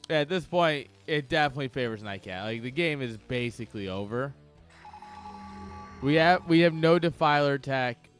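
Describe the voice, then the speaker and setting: Excitable young male game caster. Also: mid-range voice, smooth. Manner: excitable, bursts into loud yells, joking. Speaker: esports caster. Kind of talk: live game commentary. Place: home streaming setup.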